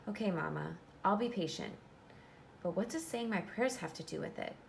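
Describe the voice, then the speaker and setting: A woman voicing an eager, self-doubting young boy in a pitched-up, earnest storybook voice. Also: expressive, moderate pace, vocal fry, slight background noise. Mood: hopeful.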